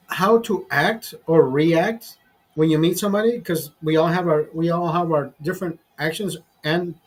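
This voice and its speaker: A middle-aged man telling rambling, profanity-laced stories in a casual vlog, pausing and restarting as he talks. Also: high-pitched, husky, rough recording. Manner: profane, rambling, animated storyteller. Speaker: vlogger. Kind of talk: casual storytelling over a beer.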